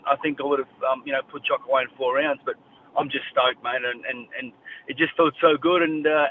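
Aussie boxer bloke on the phone, blunt and fired up, tinny line w faint hiss. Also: male voice, fairly high pitch. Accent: Australian. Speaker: boxer guest. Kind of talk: radio phone interview.

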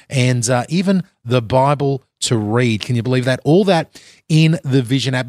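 An Australian man hosts live breakfast radio from a conference side hall, chatting in an upbeat way with plenty of filler words. His voice rises and falls in a lively way. The sound is dry and close, with no room echo. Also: on the high side.

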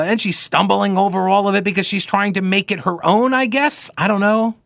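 A man's voice: sits high, a little fast, creaky, few pauses, dry recording. Sarcastic male talk radio host, dry studio. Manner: sarcastic, mocking, animated. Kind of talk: casual talk radio, reading listener mail.

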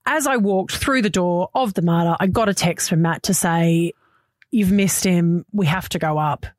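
A woman's voice: lowish voice, normal speed, no echo, studio quality. An Australian woman in her thirties co-hosting a breakfast radio show, telling a personal story in an open, emotional way. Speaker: radio co-host. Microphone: studio mic.

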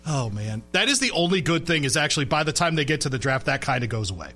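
A man's voice: on the high side, very animated, fast, pushed and bright, faint music behind. A man hosting a sports radio show, chatting loosely and laughing often while reading listener texts. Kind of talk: casual sports radio chat.

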